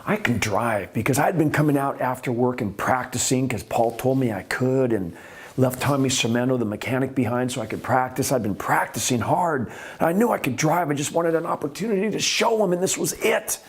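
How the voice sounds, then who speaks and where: A middle-aged man spins stunt stories in a loose, conversational way. His voice sits in an ordinary middle register. He gets animated and plays out the quoted people as the tale picks up. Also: medium pitch, brisk, slightly rough. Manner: animated, acts out quoted voices, rising excitement. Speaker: host and stuntman telling stories. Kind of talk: casual storytelling.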